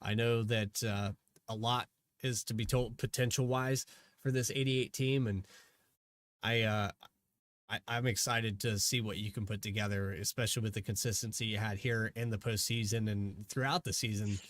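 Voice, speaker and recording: A man's voice: lowish voice, fairly even intonation, moderate pace, dry recording. A man hosting a post-race interview in a chatty, rambling way. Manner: chatty, rambling, hesitant restarts. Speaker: race broadcaster.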